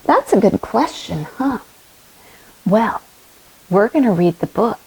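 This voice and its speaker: Woman, kids' yoga teacher, slow and very animated storybook reader. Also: medium pitch, breathy edge, rough recording. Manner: animated, asks children questions. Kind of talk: reading a picture book aloud to children.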